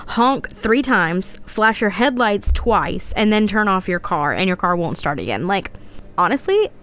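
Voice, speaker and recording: A woman's voice: mid-range voice, expressive, unhurried, fairly bright tone. Giggly woman reading a podcast legend. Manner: laughs often, reads notes with stumbles. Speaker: podcast co-host. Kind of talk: casual podcast storytelling.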